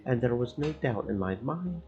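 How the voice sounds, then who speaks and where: A man streaming a game, reading its story text aloud in slow, measured narration. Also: mid-range voice, animated, darkish tone, muffled recording, faint music behind.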